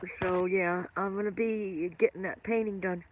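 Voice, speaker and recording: A woman's voice: medium pitch, fairly even intonation, moderate pace. An older woman hosts a loose, rambling live stream and talks to her viewers by name. Her voice carries a smoker's cough, and she chats easily from one thought to the next. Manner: rambling, chatty, answers viewer comments by name.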